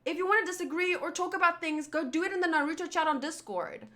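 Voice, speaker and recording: Young female streamer, high and bright, frustrated casual rant. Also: fast. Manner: frustrated, swearing, rambling. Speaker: streamer and host. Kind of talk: casual venting to viewers.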